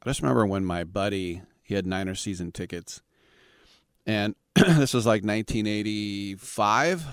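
A man's voice: on the low side, moderate pace, clean tone, dry recording, clean studio sound. A man in his fifties from the Bay Area, hosting a sports talk radio show in a wry, rambling monologue with sarcastic asides. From San Francisco Bay Area.

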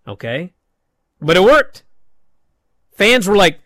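High-voiced chatty man recapping. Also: normal speed, long pauses, no echo, clean studio sound. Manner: chatty, animated retelling with many "like" fillers. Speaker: wrestling show recap host. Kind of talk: casual recap commentary.

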